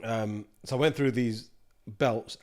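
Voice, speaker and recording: Man, London accent, casual guest, slangy, lively storytelling, average pitch. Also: slow pace. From East London. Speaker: guest, snack brand co-founder.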